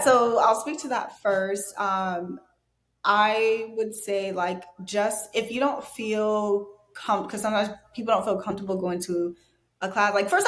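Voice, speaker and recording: A woman's voice: medium pitch, roomy sound. A woman, a yoga instructor, talking as a podcast guest in a thoughtful way, often restarting her sentences. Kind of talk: casual conversation.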